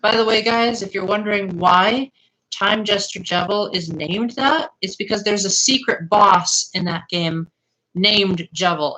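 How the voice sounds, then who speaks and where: A woman's voice: mid-range voice, bright, forceful tone, low-quality recording. A young woman streaming live, chatting casually and answering her viewers' comments.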